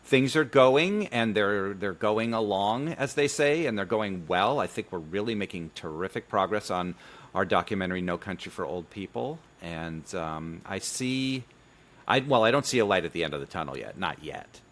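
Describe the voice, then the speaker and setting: A man's voice: fairly low pitch, lively intonation, normal speed, fairly bright tone. A man co-hosting a podcast, chatting casually in a dry, teasing way. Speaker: podcast co-host.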